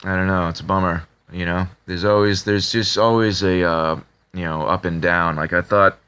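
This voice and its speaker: A man talking casually to his subscribers, halting with many fillers and restarts, in a flat tone that can sound annoyed. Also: low-pitched, clean tone. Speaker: video creator talking to subscribers. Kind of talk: casual confessional talk to camera.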